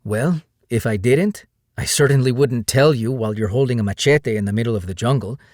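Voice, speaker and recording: A man voicing a proud jungle guide with a Spanish accent, gently teasing, read in an audiobook. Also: medium pitch, fairly quick, dry recording, clean studio sound, natural voice.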